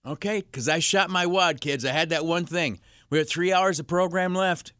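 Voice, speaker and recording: A sarcastic talk radio host holding forth on his own in a dry studio. His voice is bright and cutting, sitting a little high for a man, and he rambles from one gripe to the next. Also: normal speed, smooth, no room sound. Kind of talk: solo talk radio monologue.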